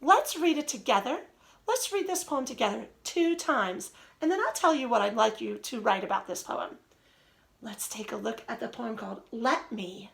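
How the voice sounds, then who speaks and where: A young adult woman teacher giving a reading lesson to young children, reading aloud slowly in a sing-song way with drawn-out words. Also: a little high, animated, vocal fry, fairly bright tone.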